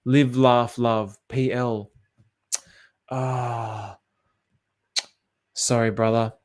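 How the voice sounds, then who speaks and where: A man's voice: mid-range voice, level tone, extremely slow, a little mellow. An Australian man chatting casually on a livestream, thinking aloud with lots of fillers and restarts as he reacts to viewer comments. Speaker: crypto chart commentator.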